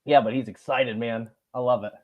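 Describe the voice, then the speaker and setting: A man's voice: mid-range voice, steady tone, normal speed, narrow, tinny audio. A man co-hosting a sports talk radio show, bantering in an easygoing, agreeable way. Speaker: radio co-host.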